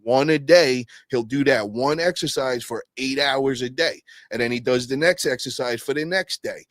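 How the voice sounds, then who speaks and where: A man in casual podcast chat, swearing freely and calling everyone bro. His voice sits in a middle register but leaps high when he acts out what others said. The sound is dry and close. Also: normal speed, no room sound. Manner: profane, animated, peppers speech with "bro". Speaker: guest telling stories.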